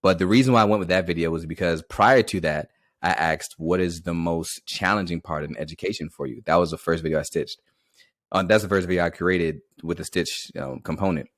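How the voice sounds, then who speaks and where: A man who teaches, speaking as a podcast guest in a calm, soft-spoken and reflective way into a large microphone. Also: sits low, fairly quick, no room sound, studio quality. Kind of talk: casual conversational interview. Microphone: large studio microphone.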